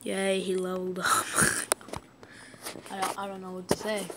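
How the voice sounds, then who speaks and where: A woman playing a video game and talking to her viewers, goofy and excitable, yelping and shouting at the game as it goes. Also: medium pitch, a little slow, long pauses, a little hiss or hum. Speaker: gaming video host. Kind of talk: let's-play commentary.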